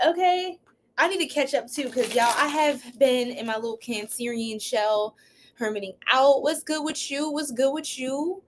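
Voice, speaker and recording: A woman's voice: sits high, measured pace, slight background noise. Playful woman giving a live tarot reading. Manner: casual and playful, with slang; laughs often. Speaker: tarot reader.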